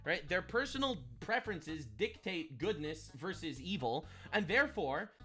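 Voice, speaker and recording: Ranting in reaction commentary on his own show, a male host sounds emphatic and preachy, repeatedly tacking "all right?" onto his points. His voice sits high and comes out pushed and bright, with lively intonation and a normal speed, and faint music plays in the background.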